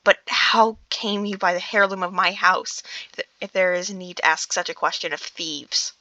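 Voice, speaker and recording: A woman's voice: on the low side, normal speed, pushed and bright, no room sound, dull audio. Thorin, a proud wrathful dwarf king, read by a woman.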